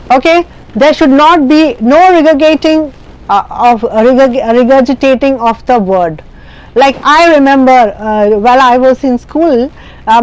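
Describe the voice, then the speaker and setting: Woman tutor, fairly high voice, earnest and instructive, restarts often. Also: poor audio. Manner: earnest and instructive, with frequent fillers and self-corrections. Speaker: English exam tutor. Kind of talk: spoken classroom lesson.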